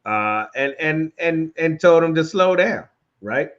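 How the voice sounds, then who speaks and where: A man's voice: a little high, lively intonation, slow, a bit bright. A man co-hosting a commentary show, talking through a police video in a loose, rambling way. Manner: rambling, many restarts and fillers. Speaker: show co-host. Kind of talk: casual commentary chat. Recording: dull lo-fi sound.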